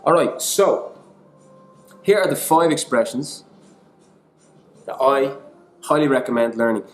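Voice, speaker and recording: An Irish man who teaches English online gives a casual, chatty lesson, poking fun at himself and slipping in bits of other languages. His medium-pitched voice is animated and a little slow, heard in an echoey room with faint music behind.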